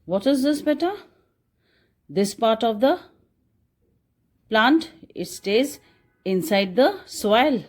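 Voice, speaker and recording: A young woman with an Indian English accent teaches a phonics lesson to small children. She speaks at a very slow, deliberate pace, with a lively, sing-song rise and fall in a somewhat high, mellow voice. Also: faint music behind. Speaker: kindergarten teacher.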